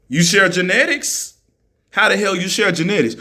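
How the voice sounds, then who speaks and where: A man's voice: sits high, lively intonation, normal speed, sharp tone. A man in a heated monologue, answering critics in an argumentative, mocking way and repeating his points for emphasis. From United States.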